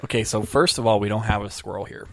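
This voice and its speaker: A man co-hosting a comedy podcast, leading an improv scene and quick to laugh. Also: fairly low pitch, steady tone, creaky, fairly bright tone, slight background noise.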